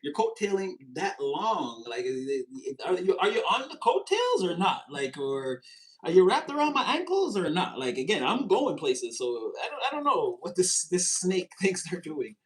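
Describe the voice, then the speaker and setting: A high-pitched man talks his way through a tarot reading to camera. He is animated and loose, laughing often and jumping into mocking voices. His delivery stays casual and chatty. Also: moderate pace, poor audio. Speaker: tarot reader.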